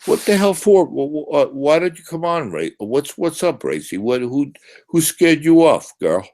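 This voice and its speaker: Dude running a live stream panel, swears a ton, ribs everyone, voice bounces all over. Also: male voice, fairly high pitch, very animated, moderate pace, darkish tone. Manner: teasing, profane, laughs often. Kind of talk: casual live-stream chat.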